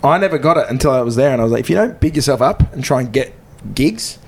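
Rambling Australian comedian, swears freely. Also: male voice, medium pitch, animated, quick pace. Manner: rambling, swearing, laughs often. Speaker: comedian guest. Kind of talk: casual podcast chat.

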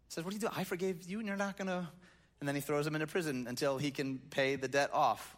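A pastor on a church stage reads scripture during his sermon, then breaks into conversational, joking asides. His voice sits on the high side and has a slightly bright quality.

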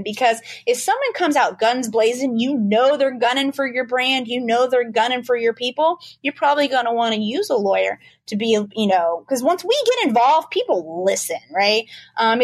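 A woman lawyer explaining trademark issues quickly and animatedly in a casual podcast interview. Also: a little high, slightly rough, no echo. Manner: fast-talking, animated, explanatory.

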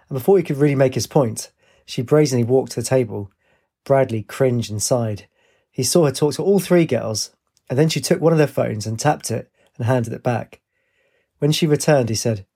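A man narrating an audiobook in a husky, slightly breathy voice at a middling pitch. His reading is steady and plain, moving evenly through the story. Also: moderate pace.

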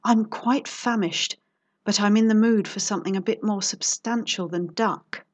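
A woman's voice: mid-range voice, normal speed, natural voice. A woman voicing a bold female private investigator with a smug, teasing and sultry manner.

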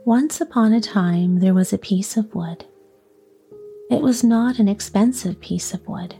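A woman narrating a classic children's story in a soft, partly whispered storytelling voice. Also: mid-range voice, unhurried, creaky, faint music behind.

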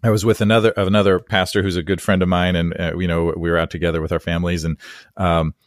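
A man's voice: low-pitched, flat delivery, fast talker, no room sound, clean studio sound. A man hosting a podcast conversation, a pastor who tells rambling stories and laughs easily. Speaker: podcast host and Presbyterian pastor. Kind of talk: conversational interview. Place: San Diego area.

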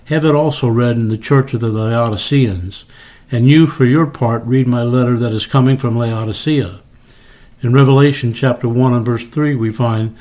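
A man delivers a sermon in a measured, unhurried way, reading scripture aloud with reverence. His pitch sits in an ordinary middle range for a man. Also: a little mellow. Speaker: preacher.

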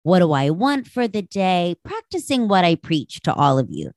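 A woman's voice: fairly low pitch, big pitch swings, moderate pace, no echo, studio quality. A woman hosting her own podcast, telling a candid, self-deprecating personal story in a casual monologue and swearing freely. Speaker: podcast host.

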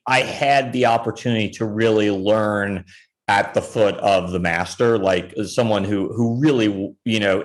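A man who is a TV showrunner, answering interview questions candidly, rambling with many restarts and self-deprecating asides. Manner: self-deprecating, pitch jumps up on emphatic points. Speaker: TV showrunner, podcast guest.

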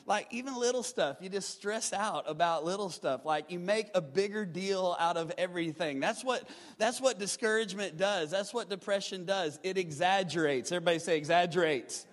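High-voiced preacher in a reverberant hall. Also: male voice, normal speed, few pauses. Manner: emphatic, call-and-response exhortation. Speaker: pastor. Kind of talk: sermon.

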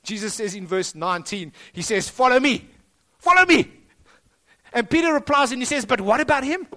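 High-voiced South African man preaching. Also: expressive, fast talker, pushed and bright. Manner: emphatic, rising and dropping for stress, repeats phrases. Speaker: pastor. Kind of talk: sermon. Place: school hall.

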